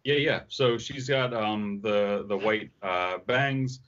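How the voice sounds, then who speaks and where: A man's voice: fairly low pitch, slow, a bit bright, slight background noise. A man explaining product details on a live stream, enthusiastic with frequent halts. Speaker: product designer. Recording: muffled stream audio.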